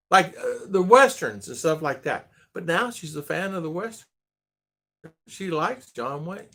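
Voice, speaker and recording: A man's voice: a little high, very animated, normal speed, fairly bright tone. A middle-aged man hosting a casual livestream chat, greeting viewers by name in a chatty way. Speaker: livestream host.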